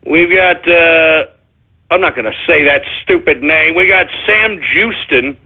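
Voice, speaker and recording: A man hosting a live radio show, reading listener shout-outs and ranting at them in exasperation, often yelling at them to shut up. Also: a little high, unhurried, husky. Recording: tinny phone-like lo-fi audio.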